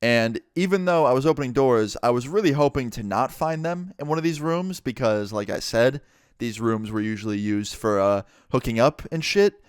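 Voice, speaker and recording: A young man telling a personal story to camera in a casual, profane, animated way. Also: medium pitch, moderate pace, clean tone, no room sound, clean studio sound. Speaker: vlogger. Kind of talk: storytime narration.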